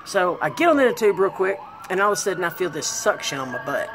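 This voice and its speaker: A woman vlogger telling a comic personal story, animated and self-deprecating, laughing as she goes. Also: lowish voice, fast talker, very noisy.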